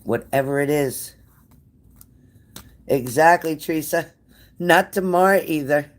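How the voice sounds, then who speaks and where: A woman's voice: deep voice, a little slow. A woman hosting a casual livestream, blunt and sassy, cursing freely as she answers viewer comments. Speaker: livestream tarot reader.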